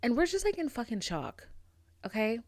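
A young woman hosting a podcast, telling a personal story in a brash, profane and dramatic way, with big swings in pitch and loudness. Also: sing-song, moderate pace, no room sound, studio quality. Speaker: podcast host. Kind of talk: casual storytelling monologue.

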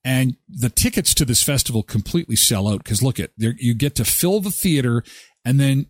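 Lively male host reacting to clips. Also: medium pitch, moderate pace, no room sound, studio quality. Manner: animated, amused, thinking aloud. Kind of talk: casual commentary on videos.

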